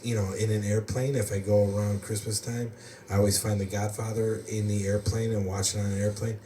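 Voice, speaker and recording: A US podcast host talks fairly quickly in a low, mellow voice that barely moves in pitch, rambling through stories in casual chat and laughing frequently. A distant mic in a roomy space picks him up, along with faint background noise.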